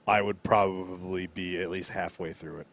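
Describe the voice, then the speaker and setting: A man's voice: low voice, steady tone, moderate pace, creaky, a bit bright. A man chiming in casually with dry, joking remarks. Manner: dry wisecracking interjections. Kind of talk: casual chat.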